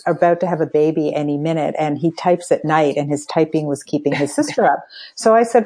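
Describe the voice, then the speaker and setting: A woman's voice: sits low, fairly quick, rough recording. An older woman, a guest on a podcast, telling a personal story with energy and acting out the dialogue she quotes. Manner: animated storyteller who acts out quoted dialogue. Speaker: podcast guest, spiritual coach. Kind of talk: storytelling in a casual interview.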